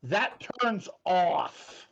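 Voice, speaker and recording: A man with a high voice chatting earnestly on a podcast. His microphone sounds dull and lo-fi, and he speaks in a measured, sincere way. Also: animated, vocal fry, a bit bright, a little hiss or hum. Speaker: podcast co-host. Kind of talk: casual chat. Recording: dull lo-fi mic.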